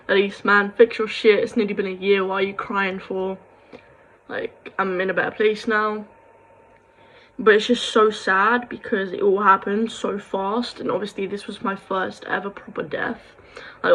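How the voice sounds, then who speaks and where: Young woman vlogger, husky and gravelly, rambling and raw. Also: mid-range voice, fairly bright tone, poor audio. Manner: rambling, heartfelt, swings into angry ranting. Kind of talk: emotional confessional vlog.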